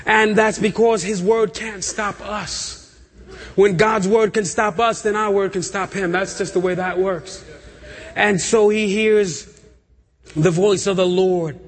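A man preaching a sermon, shouting with impassioned fervor and building to loud cries. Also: high voice, steady tone, slow. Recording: long hall reverb.

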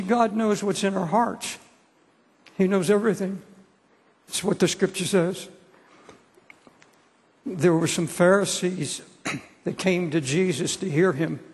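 Husky older man preaching in a hall. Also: high voice, unhurried, pauses often, a little mellow. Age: 70s. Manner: earnest, repeats phrases for emphasis. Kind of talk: sermon. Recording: long hall reverb.

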